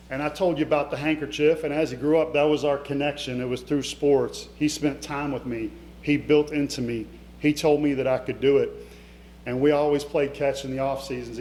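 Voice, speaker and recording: A man's voice: medium pitch, darkish tone. Middle-aged male keynote speaker, heartfelt storyteller, talks right at the crowd; roomy hall with a faint hum. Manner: emotional, conversational, addresses the audience directly. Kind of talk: motivational storytelling speech. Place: event hall before a live audience.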